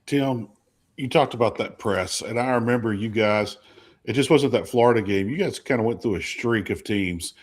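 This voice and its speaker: A man with a fairly low voice hosts a sports interview show. He asks long, winding questions and jokes with his guest in an animated way. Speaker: host, sports reporter.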